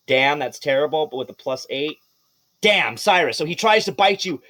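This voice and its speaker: A man narrating a tabletop game as game master, his voice sitting a little high for a man. He tells the action with animated energy, swears freely and laughs between lines. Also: moderate pace.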